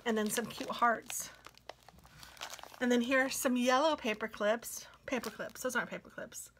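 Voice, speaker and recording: A woman craft vlogger chatting casually as she unboxes mail, gushing sweetly and sometimes dropping to a soft whisper. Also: on the high side, fairly even intonation, moderate pace, a little hiss or hum.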